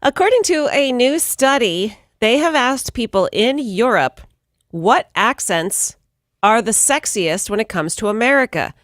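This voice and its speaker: Brief: woman radio co-host, brisk headline reader, dry close-miked sound. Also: on the high side, lively intonation, a bit bright, dry recording. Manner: brisk, reads headlines then jokes. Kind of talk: morning radio banter, reading news items.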